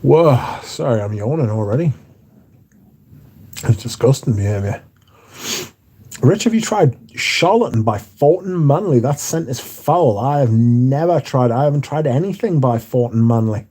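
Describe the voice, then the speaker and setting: A man's voice: mid-range voice, animated, moderate pace, dark tone, slightly rough. A man hosts a livestream from home, reading out viewers' chat and bantering back in a laid-back way with casual swearing. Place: indoors at home.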